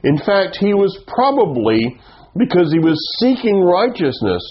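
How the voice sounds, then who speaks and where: A man's voice: high-pitched, very animated, unhurried. A man with a Southern US accent preaching a sermon, teaching earnestly and often restarting his sentences. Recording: dull lo-fi sound.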